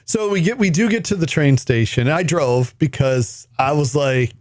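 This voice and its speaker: A man's voice: a little high, moderate pace, no room sound. Man telling stories with a laugh, dry sound. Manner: laughing, playful storyteller. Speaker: podcast co-host. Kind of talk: casual storytelling chat.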